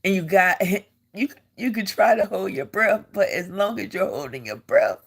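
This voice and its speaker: A woman's voice: mid-range voice, lively intonation, normal speed, vocal fry, slightly rough. An older woman, an army veteran, telling a personal story in an earnest way and repeating phrases for emphasis.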